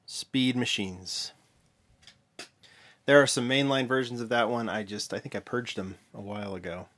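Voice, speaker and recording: A man's voice: medium pitch, normal speed, a bit bright. A man hosting a casual show-and-tell vlog, talking in an offhand, mumbling way and often correcting himself. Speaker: vlog host, toy car collector.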